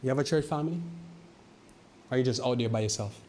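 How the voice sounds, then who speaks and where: A male pastor giving a sermon, reading scripture slowly and asking the congregation rhetorical questions, often repeating and restarting words. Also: mid-range voice, a little mellow, a little hiss or hum. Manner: preaches with rhetorical questions and slow scripture quoting.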